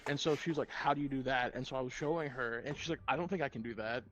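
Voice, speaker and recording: Over a noisy background with the highs cut off, a man with a mid-range voice talks at a racing pace on a gaming stream. He works at a gun store and chats casually, telling a profane story in which he acts out both sides with plenty of swearing.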